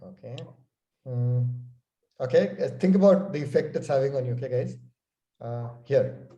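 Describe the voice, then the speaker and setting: A man's voice: medium pitch, normal speed, dark tone. A man leading an online sales training workshop, talking conversationally over a video call. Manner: conversational, frequent "okay" and "you know". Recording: echoey room.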